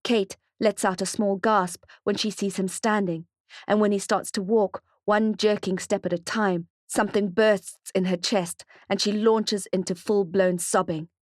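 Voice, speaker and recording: A woman reads a novel aloud at a measured, steady pace. Her voice sits mid-range for a woman. The studio recording is dry and close, with no room sound. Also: mid-range voice, dry recording. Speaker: audiobook narrator. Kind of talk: scripted narration.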